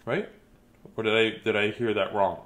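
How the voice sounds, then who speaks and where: A man's voice: lowish voice, steady tone, normal speed, a bit bright. A man chatting to children and then reading a picture book aloud in a playful, sing-song way, at home.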